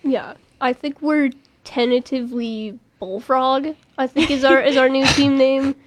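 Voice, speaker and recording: A woman's voice: sits high, steady tone, measured pace, noisy background. A young woman co-hosting a podcast, chatting casually and rambling with frequent restarts and laughter. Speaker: podcast co-host. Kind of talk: casual chat.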